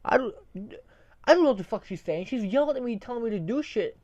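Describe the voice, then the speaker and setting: Young guy ranting on a podcast, swears a lot, pitch jumps all over, dry muffled audio. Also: quick pace, no echo. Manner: rambling, profane, animated. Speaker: podcast co-host. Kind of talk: casual rant.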